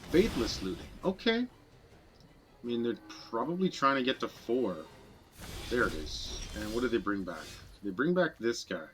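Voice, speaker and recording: A man streaming a digital card game, giving casual, self-deprecating commentary as he thinks his plays through out loud. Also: mid-range voice, sing-song, unhurried, a little hiss or hum.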